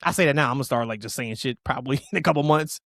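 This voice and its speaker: A man co-hosting a casual wrestling podcast, opinionated and emphatic, rushing through tangents. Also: medium pitch, vocal fry, fairly bright tone, dry recording, studio quality. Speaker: podcast co-host.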